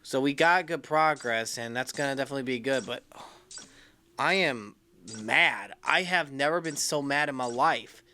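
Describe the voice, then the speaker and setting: A young man commentating his own baseball video game, excitable, yelling when upset and dropping to a low muttering tone when calm. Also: normal speed, slight background noise. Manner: excitable, yells in frustration then drops to a low muttering tone. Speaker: gaming YouTuber.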